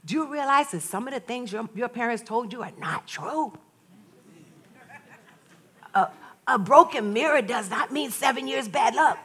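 An older woman and grandmother preaching a sermon, telling stories in a lively way and laughing often. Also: a little high, moderate pace, pauses often, husky. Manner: storytelling, animated, laughs often.

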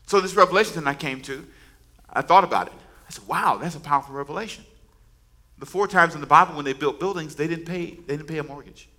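A man delivering a sermon in a bright, forceful voice, pitched a little above the usual. He preaches emphatically, repeats his words and calls on the congregation to answer back. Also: fast. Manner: preaching with call-and-response to the congregation. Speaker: pastor.

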